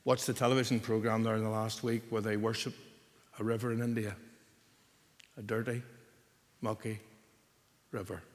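Older preacher in a reverberant hall. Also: male voice, on the low side, little pitch movement, moderate pace, pauses often. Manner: earnest, building to loud forceful emphasis. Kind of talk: sermon.

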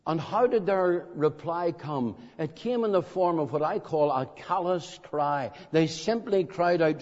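A man preaching an evangelistic sermon in a meeting hall, slow and dramatic, pressing his listeners with emphatic questions. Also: a little high, darkish tone. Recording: dull lo-fi recording in a reverberant hall.

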